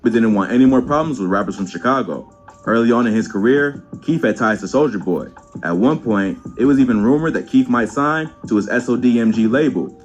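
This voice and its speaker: A man reading a scripted documentary narration in an even, measured way. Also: medium pitch, faint music behind.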